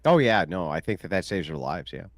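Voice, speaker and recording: A man's voice: low-pitched, very animated, a little fast, no echo, studio quality. A man arguing in an online debate, mocking and combative, often laughing at the people he argues with.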